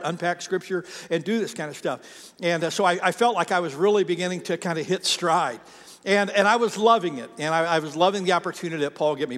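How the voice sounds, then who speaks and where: A man's voice: a little high, fairly bright tone, long reverb tail. A middle-aged man in his fifties preaching a sermon, chatty and self-deprecating as he tells a story from his early ministry. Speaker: pastor. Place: church sanctuary.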